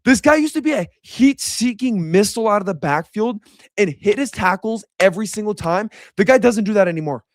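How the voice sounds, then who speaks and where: A man's voice: sits high, expressive, a little fast, no echo, studio quality. A young man giving a casual, frustrated reaction rant as a sports commentator, repeating himself as he vents.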